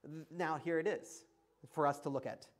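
A man preaching in a church, his voice sitting noticeably high for a man. He keeps the sermon conversational, with frequent laughs and emphatic asides to the congregation. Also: steady tone, moderate pace. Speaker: pastor.

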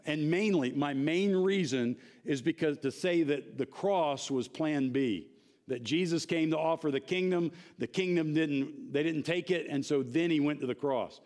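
A man leads a church Bible class in a relaxed, emphatic manner, often pausing to ask if his listeners follow. His voice sits a little high for a man. He is speaking in a church classroom. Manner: conversational, emphatic, asks the class questions. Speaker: Bible study teacher.

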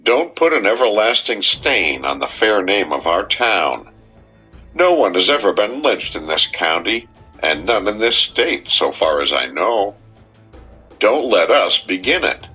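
A man's voice: lowish voice, big pitch swings, measured pace, sharp tone, dull audio, faint music behind, voice pushed up, full character voice. A man playing an impassioned young orator. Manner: impassioned, clear-voiced pleading. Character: earnest young man addressing a mob.

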